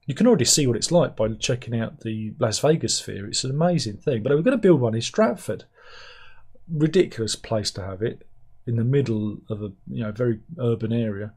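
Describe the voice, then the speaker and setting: A man chats through the day's odd news stories with a dry, wry humour, and he often laughs at his own jokes. His voice is gravelly, with a rough fry at the ends of phrases, and he sits talking in a room at home. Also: medium pitch, expressive, a little fast, a little mellow. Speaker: host. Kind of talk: casual news commentary.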